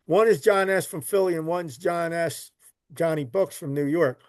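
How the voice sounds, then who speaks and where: Rambling Philly man, slightly high voice. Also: normal speed, dry recording, studio quality. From Philadelphia. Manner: rambling, repeats words, swears casually. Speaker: podcast guest, recovery literature collector. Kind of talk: casual storytelling.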